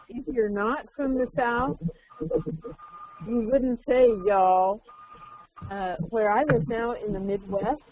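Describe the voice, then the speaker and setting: A woman teaching an online English lesson, explaining calmly. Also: mid-range voice. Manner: calm explaining. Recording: phone-like line with noise.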